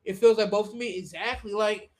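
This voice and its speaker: Hosting her live-stream podcast at a brisk clip, this woman keeps things casual and full of slang and swearing, often spiraling up into shrill, animated rants.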